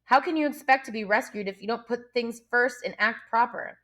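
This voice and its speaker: A woman's voice: on the high side, brisk, sharp tone, voice pushed up. A woman reading aloud, voicing an indignant, anxious schoolboy who scolds the others breathlessly.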